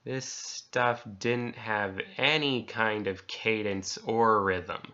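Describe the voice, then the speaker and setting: A man reads a creepy first-person horror tale in a casual, chatty manner, bleeping his own swears with single letters. His voice sits low but comes across bright and forceful. The recording is dull and lo-fi, like a cheap home mic. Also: fairly even intonation, slow pace. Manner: conversational, self-censoring swears with letters. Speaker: narrator reading a horror story. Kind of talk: casual story reading.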